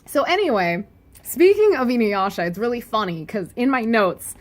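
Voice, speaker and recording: A woman's voice: on the high side, animated, normal speed. A woman giving a casual, joking video review of a comic, talking in a loose, chatty way full of "like" and "anyway" and laughing often. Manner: chatty and giggly, with lots of "like" and "anyway"; playful and joking. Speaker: webcomic reviewer.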